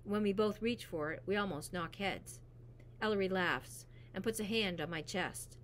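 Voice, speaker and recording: A woman reading a novel aloud in a steady, even narration. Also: medium pitch, moderate pace, a little hiss or hum. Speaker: reader. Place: school library.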